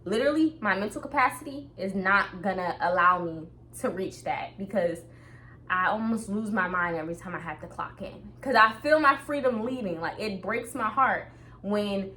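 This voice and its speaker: An upbeat young woman talks straight to her viewers in a casual, motivational vlog, laughing easily between thoughts. Her voice sits at an ordinary middle pitch for a woman. A faint hiss runs quietly underneath. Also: animated, moderate pace. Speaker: vlogger. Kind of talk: casual talk to camera.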